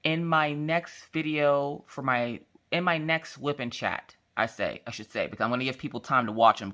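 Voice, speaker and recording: A woman's voice: a bass voice, fairly bright tone. Playful, slangy woman telling a story. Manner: acts out quotes in changing voices. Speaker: diamond painting craft vlogger. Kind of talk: casual chat while crafting.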